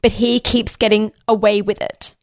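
A woman's voice: medium pitch, flat delivery, moderate pace, no room sound, studio quality. A young woman co-hosting a podcast, ranting in heated, sarcastic casual chat with lots of swearing. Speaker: podcast co-host.

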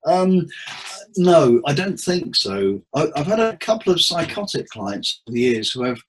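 A man, a therapist, giving tips in a relaxed interview with jokes and acted-out quotes. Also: on the high side, normal speed, breathy edge, rough recording. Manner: jokey, anecdotal, acts out quotes. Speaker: therapist and hypnotherapist guest.

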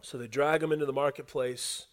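A man's voice: medium pitch, a little fast. A man preaching a sermon, retelling a scripture passage and acting out the quotes while speaking to the congregation. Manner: animated preacher, acts out quotes, talks to congregation. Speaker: pastor.

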